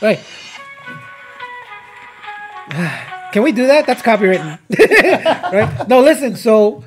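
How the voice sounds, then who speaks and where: A man co-hosting a casual podcast, telling an animated story and acting out what people said. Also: high-pitched, measured pace, soft background music. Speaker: podcast co-host, jiu-jitsu instructor.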